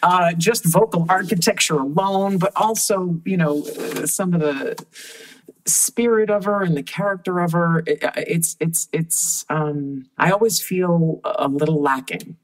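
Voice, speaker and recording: A woman's voice: on the low side, unhurried, low-quality recording. A woman being interviewed on a podcast, telling stories about her work in a thoughtful, often restarting way. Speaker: guest puppeteer. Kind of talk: casual interview chat.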